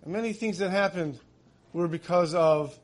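A man's voice: sits high, moderate pace. A man giving a conversational sermon, asking rhetorical questions and weaving in many Hebrew terms. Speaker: religious speaker.

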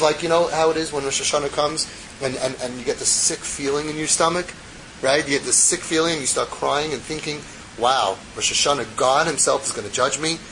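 Male teacher, high voice, reads text aloud then explains it casually to students. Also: slight background noise, rough recording. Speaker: Torah class teacher. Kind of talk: text study class, reading and translating.

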